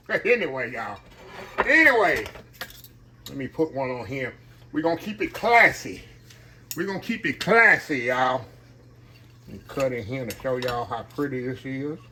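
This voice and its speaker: A man's voice: mid-range voice, animated, normal speed, long pauses, bright, forceful tone, rough recording. A man who hosts a home cooking channel, chatting with his viewers in a folksy way while he fries shrimp. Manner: folksy and chatty, often calls viewers "y'all", laughs at his own jokes. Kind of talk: casual cooking demonstration. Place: home kitchen with shrimp frying. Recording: clear frying and kitchen noise. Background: oil sizzling and frying sounds.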